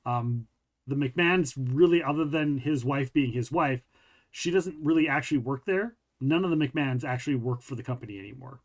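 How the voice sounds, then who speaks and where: A man's voice: medium pitch, normal speed. A man hosting a casual podcast, chatting with a friend and reading a news article aloud, often stumbling and rereading lines. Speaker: podcast host.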